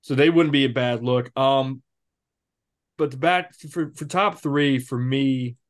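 A man's voice: medium pitch, unhurried. A man in his thirties co-hosting a podcast, talking through sports bets in a rambling, self-correcting way. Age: 30s. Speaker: podcast co-host. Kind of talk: casual sports betting chat.

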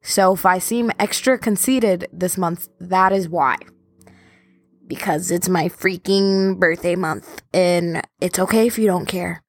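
A woman's voice: fairly low pitch, measured pace, no echo. Chatty young woman podcast host. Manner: chatty, rambling, self-deprecating. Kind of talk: casual chat.

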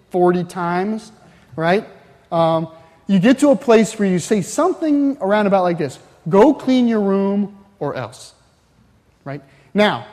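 High-voiced man preaching in a reverberant church. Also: darkish tone. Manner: conversational preaching with frequent "right?" asides. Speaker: pastor. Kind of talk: sermon. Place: church sanctuary. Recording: long hall reverb.

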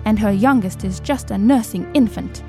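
A woman voicing a small, fearless church sister who speaks with calm, firm authority. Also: medium pitch, normal speed, music in the background, lightly acted. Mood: stern. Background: cinematic score.

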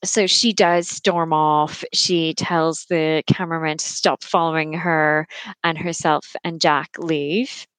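A woman's voice: low-pitched, fairly even intonation, takes it slowly, a bit bright, smooth, dry recording. A woman co-hosting a podcast, chatting casually and acting out quotes in mocking voices. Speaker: podcast co-host. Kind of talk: casual recap chat.

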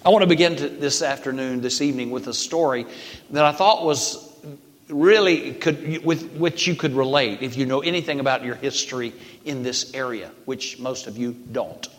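An older man with a Southern American accent preaches to a congregation, his voice mid-pitched and easygoing. He slips in playful jokes and rises to emphatic bursts. Long reverb from a large church hall trails each phrase. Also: moderate pace. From Southern United States. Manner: folksy, joking, builds to emphatic bursts. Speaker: visiting Baptist preacher. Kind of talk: sermon with humorous asides.

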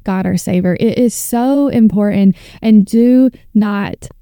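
A woman's voice: medium pitch, takes it slowly, mellow, clean tone, no echo. A woman in her thirties hosting a faith podcast, reading scripture and speaking with earnest, preacher-like fervor into a close mic. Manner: fervent, earnest, preacher-like build-ups. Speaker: podcast host and author.

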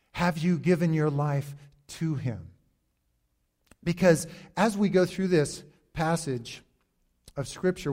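A middle-aged male pastor preaching a sermon in a slow, deliberate way, pausing for emphasis. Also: mid-range voice, warm tone.

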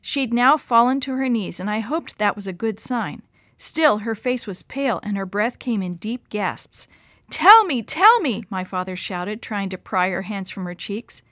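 A middle-aged woman reading a children's story aloud in a gentle, expressive storytelling voice. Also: mid-range voice, moderate pace, no echo, clean studio sound.

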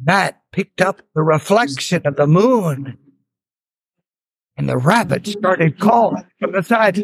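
A man telling a folktale in an improvised, slow and measured storytelling manner. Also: sits high, expressive, creaky, husky, rough recording. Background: veena accompaniment.

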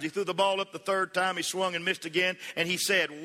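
A man preaching with a bright, ringing voice in a church hall with a long reverb tail. He builds to fervent peaks, calls on the congregation to repeat after him, and mixes in folksy humor and stories. His voice sits a little high for a man. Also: flat delivery, fast, few pauses. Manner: preaching with rising fervor, calls for congregation responses. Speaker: pastor. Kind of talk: sermon.

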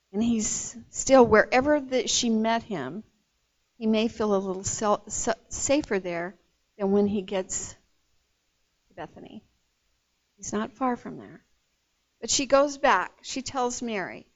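A woman retelling a Bible story in a sermon, expressive and storytelling, with casual asides to her listeners. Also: sits high, a little slow. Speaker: Bible teacher. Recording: dull lo-fi recording.

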